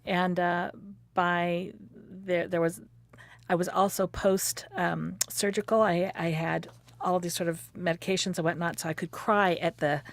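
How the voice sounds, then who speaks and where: Fifties woman telling a love story, lively, laughy, lowish voice, dry close mic. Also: unhurried, gravelly, no echo. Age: 50s. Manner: animated, laughs often, acts out quotes. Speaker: interviewee recounting her courtship. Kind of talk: personal storytelling conversation.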